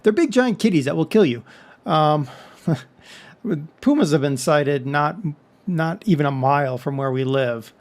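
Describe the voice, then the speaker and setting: A man's voice: on the high side, animated, a little slow. A man from Texas talking casually to his viewers in a rambling monologue full of joking asides. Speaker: vlog host.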